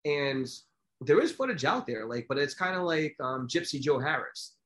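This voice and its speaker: Animated man telling stories on a podcast. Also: a little high, normal speed. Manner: animated storyteller, many fillers and restarts. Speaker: podcast co-host. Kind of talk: casual podcast chat.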